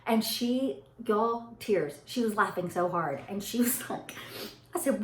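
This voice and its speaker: Mother vlogging, chatty and animated, voice ringing in a bare room. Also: medium pitch, a little slow. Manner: animated, laughing storyteller who addresses viewers as y'all. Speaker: mother vlogging about parenting. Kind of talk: casual chatty monologue to camera. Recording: echoey room.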